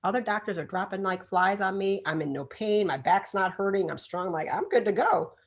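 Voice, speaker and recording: A middle-aged woman, a chiropractor guest on a podcast interview, telling stories in an animated way and acting out the voices of the people she quotes. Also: mid-range voice, brisk. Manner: animated storyteller who acts out quoted voices.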